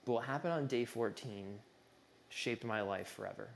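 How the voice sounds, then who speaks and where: Gravelly young man telling his story. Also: medium pitch, moderate pace. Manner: earnest, conversational, with many "like" fillers. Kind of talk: personal storytelling talk.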